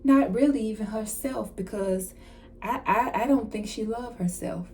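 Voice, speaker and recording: A woman card reader giving a casual channeled message, retelling a story in an animated way with slang and asides. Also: a little high, moderate pace, slight background noise.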